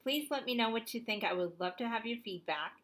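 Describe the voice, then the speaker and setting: A woman hosting her own oracle card vlog, talking casually to the camera with gentle encouragement and stumbling over her words in bloopers. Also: a little high, expressive, brisk. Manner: gentle, encouraging sign-offs. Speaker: oracle card reader and channel host.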